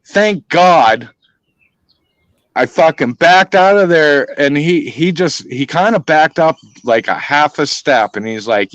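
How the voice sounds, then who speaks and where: A man's voice: fairly high pitch, takes it slowly, dry recording. Guy cussing thru a wild story, dry room, kinda muffled audio. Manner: profane, animated, acts out voices. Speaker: storyteller in group chat. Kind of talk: casual storytelling chat.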